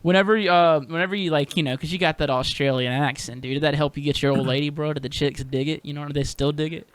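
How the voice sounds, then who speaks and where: A man's voice: a little high, fairly even intonation, quick pace, smooth. Slangy bro-talking male podcast host. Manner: slangy, bro-ish, swearing. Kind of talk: casual interview chat.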